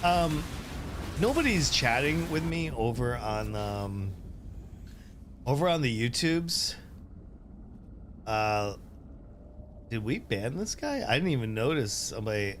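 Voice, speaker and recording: A man's voice: mid-range voice, big pitch swings, slow, long pauses, slight background noise. Rambling male streamer, easygoing chat. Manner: rambling, self-interrupting, laughs often. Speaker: game streamer. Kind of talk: casual live-stream chat.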